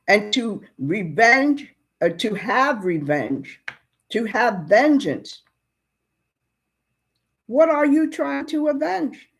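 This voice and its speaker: A woman preaching in an unhurried way, retelling a tale before turning it into a lesson. Her pitch swings widely as she puts questions to her listeners. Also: breathy edge. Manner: animated, asks the listeners questions. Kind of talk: sermon storytelling.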